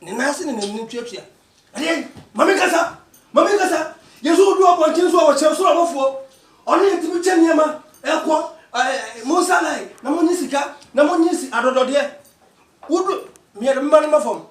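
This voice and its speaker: Man doing a shrill pastor. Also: lively intonation, normal speed. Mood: preachy. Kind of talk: Ghanaian comedy skit. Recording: echoey room, far from mic, faint noise.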